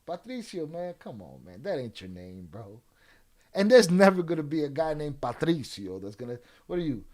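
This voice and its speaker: A man's voice: on the high side, big pitch swings, normal speed, a little mellow. A man hosting a livestream, taunting and trash-talking trolls in the chat in a drawling, streetwise way. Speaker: livestream host. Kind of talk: live-stream chat with viewers.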